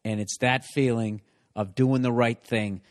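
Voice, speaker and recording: A man's voice: medium pitch, steady tone, unhurried, dry recording, studio quality. A man hosting a podcast, ranting profanely and emphatically in casual comedic chat. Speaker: podcast host.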